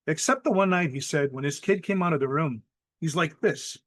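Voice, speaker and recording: Hawaiian storyteller man with a higher voice. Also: no echo. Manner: measured, vivid, acts out quoted people. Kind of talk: ghost story telling. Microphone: video call.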